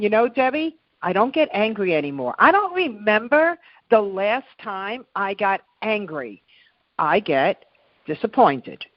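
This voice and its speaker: A woman's voice: medium pitch, dry recording. A middle-aged woman talks in an earnest, coaching way and leans on repeated phrases for emphasis. Her voice sits in a middle range. The sound is dry and slightly dull, like lo-fi remote audio. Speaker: podcast guest, happiness coach. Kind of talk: motivational interview talk.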